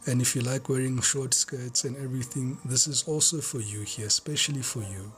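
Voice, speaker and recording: A man gives a collective tarot reading in a fervent, repetitive way. His voice is mid-pitched, and he often drops to a hushed whisper. Faint music plays behind him. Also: fairly even intonation, a little fast. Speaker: tarot reader.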